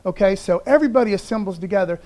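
A man's voice: sits high, rapid-fire, a little mellow. A man preaching a sermon as pastor, casual and conversational, reading scripture aloud and stumbling over names. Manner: casual, conversational preaching with frequent "okay, guys". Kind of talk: streamed Sunday sermon.

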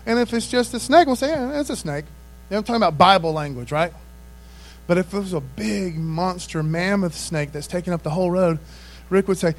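A man's voice: sits high, moderate pace. A man preaching a casual, folksy sermon, laughing often and calling his listeners "man".

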